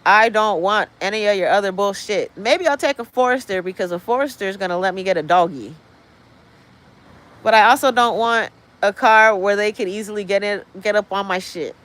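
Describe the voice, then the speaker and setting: A woman's voice: medium pitch, fairly quick, fairly bright tone, poor audio. A woman hosting a livestream, talking in a blunt, profane, rambling way from indoors. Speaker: livestream host. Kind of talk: casual livestream rant. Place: indoors, apartment building.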